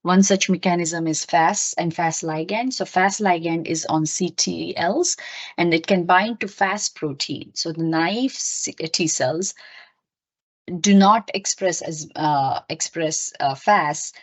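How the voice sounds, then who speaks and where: Low-voiced woman lecturing on immunology. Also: slow pace. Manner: explanatory, with frequent fillers and self-corrections.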